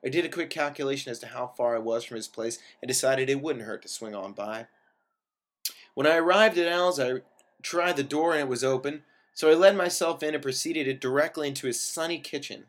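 A man's voice: mid-range voice, a little fast, a bit bright. A man reading a first-person story aloud in a wry manner, lingering over descriptive words.

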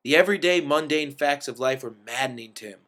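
A man reading a first-person story aloud, in a wry and expressive way that lifts into sudden emphatic bursts. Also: mid-range voice, fast. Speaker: reader of a story.

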